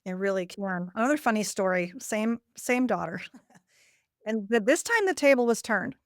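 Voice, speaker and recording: A woman's voice: mid-range voice, expressive, normal speed, dry recording, clean studio sound. A woman hosting a podcast, chatting casually and laughing easily with her guest. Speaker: podcast host. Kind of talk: casual interview chat.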